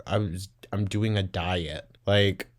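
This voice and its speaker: A man's voice: sits low, fairly even intonation, slow pace. A man hosting a commentary podcast, reacting to a clip with blunt, sarcastic remarks, frequent swearing and laughter.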